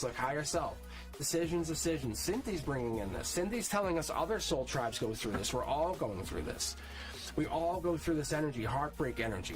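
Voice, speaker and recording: A man hosting a live tarot reading stream, talking casually and upbeat to viewers in the chat and laughing often. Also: a little high. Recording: music playing underneath. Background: music playing.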